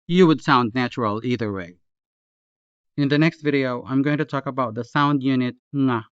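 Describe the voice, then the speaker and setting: A man from the Philippines, a Hiligaynon speaker, teaching a language lesson slowly and patiently, repeating each example word. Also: medium pitch, clean tone, dry recording, muffled recording. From Philippines (Western Visayas). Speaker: language tutor. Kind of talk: slow, careful language lesson.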